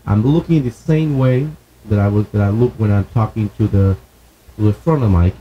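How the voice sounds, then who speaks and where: A man hosting a video, casually demonstrating microphones at his home studio desk and talking in a loose, halting way with many restarts. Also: lowish voice, phone-quality sound, a little hiss or hum. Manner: loose, halting talk with many restarts while moving around the mic. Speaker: video host reviewing microphones. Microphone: broadcast microphone on an arm, at varying distance.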